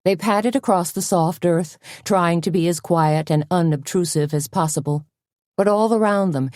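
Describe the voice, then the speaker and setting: Casting: woman audiobook narrator, deep and warm, steady measured delivery. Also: no echo, studio quality. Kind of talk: scripted narration.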